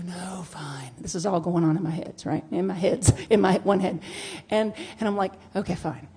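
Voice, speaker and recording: A woman minister giving a storytelling sermon, acting out dialogue with big jumps in pitch and loudness. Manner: animated, acts out dialogue with big swings in pitch and volume. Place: church sanctuary.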